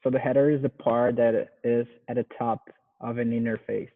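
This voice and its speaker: A Brazilian man with a Portuguese accent, a native Portuguese speaker, practicing English pronunciation, halting and repeating words carefully. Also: mid-range voice, little pitch movement, narrow, tinny audio. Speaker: English student, software engineer.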